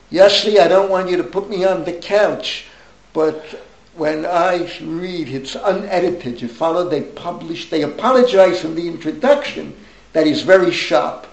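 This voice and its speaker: Man in his eighties, rabbi, rambling animated storytelling, gravelly voice, echoey room. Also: sits high. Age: 80s. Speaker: rabbi teaching a class. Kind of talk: informal Torah class talk.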